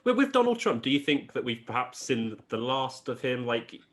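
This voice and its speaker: A man's voice: mid-range voice, big pitch swings, normal speed, fairly bright tone. A man hosting a podcast interview, asking questions in a hesitant way with frequent restarts. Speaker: podcast host. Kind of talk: casual interview chat.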